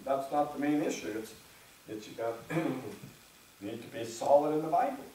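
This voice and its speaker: A man preaching a sermon as pastor in a church, talking in a conversational way, often clearing his throat and acting out imagined churchgoers. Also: medium pitch, moderate pace, mellow, far from the mic, slight background noise. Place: church sanctuary. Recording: very echoey church room, speaker away from the mic.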